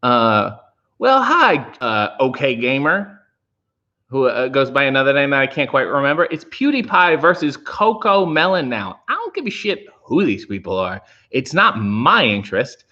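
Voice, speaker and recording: A man hosts a casual livestream, reading out viewer comments and answering them with deadpan, sarcastic quips. His voice swings widely and lively in pitch. The stream audio sounds dull and lo-fi. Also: moderate pace. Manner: dry sarcastic asides, animated pitch swings. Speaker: livestream host reading chat.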